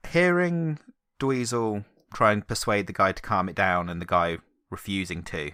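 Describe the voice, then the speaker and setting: Bright, dry-sounding man joking at the table. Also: lowish voice, moderate pace, clean tone, no room sound. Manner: joking, laughing. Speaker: player. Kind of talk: casual tabletop game chat.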